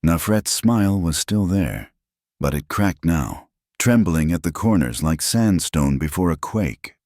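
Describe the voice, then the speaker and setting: Male narrator, very low voice, dry close sound, dramatic measured storytelling. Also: animated, a little mellow, dry recording.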